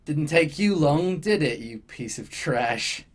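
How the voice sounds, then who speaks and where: Smug dandy rogue with gold teeth, sneery and mocking, game master putting him on. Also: male voice, medium pitch, steady tone, fairly quick, close to an everyday voice. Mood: sneering.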